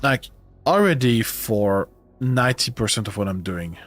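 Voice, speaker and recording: A man's voice: on the low side, lively intonation, measured pace, a bit bright, soft background music. A man with a French accent, a non-native English speaker who grew up in France, chatting casually and rambling with many restarts while streaming a video game.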